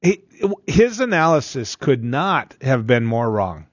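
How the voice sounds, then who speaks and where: Animated opinionated sports talk man. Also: mid-range voice, a little slow, husky, dry recording, highs cut off. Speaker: sports radio co-host.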